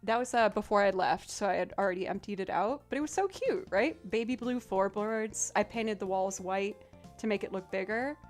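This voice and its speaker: A female streamer and musician chats casually on a livestream from her home streaming setup, telling stories and laughing often. Her medium-pitched voice moves at a moderate pace, with faint music behind.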